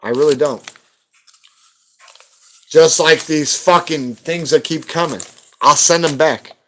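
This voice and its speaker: A man's voice: a little high, slow, fairly bright tone, slight background noise. A man on a live stream, ranting heatedly at someone and cursing constantly in a confrontational way. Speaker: livestreamer hunting for rare banknotes.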